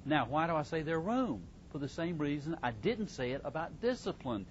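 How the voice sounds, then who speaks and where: A man's voice: a little high, big pitch swings, normal speed, lo-fi sound, a little hiss or hum. Folksy man giving parenting advice. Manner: folksy, repeats himself, chuckles. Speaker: parenting speaker. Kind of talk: casual talk to a live group.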